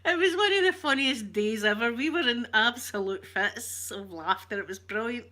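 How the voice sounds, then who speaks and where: A woman's voice: fairly high pitch, normal speed, pushed and bright. A woman with a Scottish accent chatting casually to her viewers, telling stories and laughing often. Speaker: ASMR streamer chatting with viewers. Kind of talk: casual chat.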